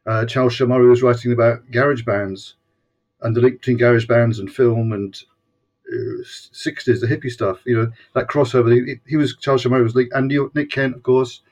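A man's voice: medium pitch, fairly even intonation, a little fast, a little mellow, lo-fi sound. A Scottish man in his sixties, a guest on a video-call interview, talking in a rambling, casual way with frequent restarts. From Scotland. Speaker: guest, former punk fanzine editor.

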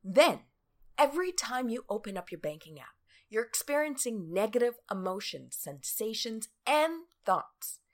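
A woman giving a blunt, profane motivational talk straight to the listener, acting out everyday scenes with quick quoted voices. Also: a little high, sing-song.

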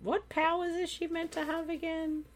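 A man's voice: very high-pitched, flat delivery, moderate pace, a little hiss or hum. A man co-hosting a podcast, making dry, sarcastic quips while watching a movie. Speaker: podcast co-host. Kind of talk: casual movie commentary chat.

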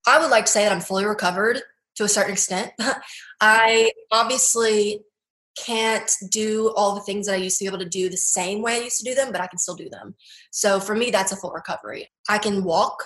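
A young woman interviewed about her life speaks briskly in a medium, slightly bright voice. Her account is earnest and heartfelt, sprinkled with "like" and "you know," and captured in a room with noticeable echo.

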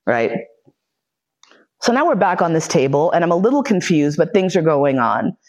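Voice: medium pitch, big pitch swings, normal speed. A podcast host telling a personal story in a blunt, profane way, full of fillers and restarts, acting out what other people said. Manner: blunt, profane, with frequent fillers and self-interruptions; vivid re-enactment of other people's speech. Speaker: podcast host giving a lecture.

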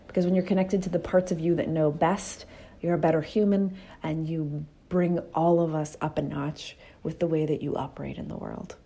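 A woman's voice: deep voice, steady tone, moderate pace, mellow. A woman hosting a reflective motivational talk, telling candid stories with a casual, storytelling manner and the odd swear word.

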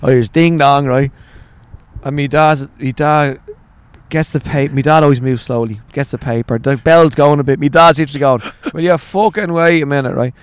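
A man's voice: medium pitch, fairly even intonation, normal speed, clean tone. A man with an Irish accent, in his forties, telling swearing, laughing anecdotes about his family in a casual interview. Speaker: guest, author.

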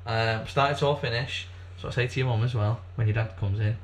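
A man's voice: mid-range voice, fairly even intonation, fast talker. A man co-hosting a casual comedy podcast, rambling through facts with lots of fillers and swearing. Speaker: podcast co-host.

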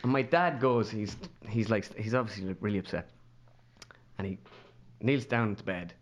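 A young Irish man, a podcast guest, telling a funny story in a loose, animated way and putting on voices of the people in it. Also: lowish voice, normal speed. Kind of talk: casual storytelling chat.

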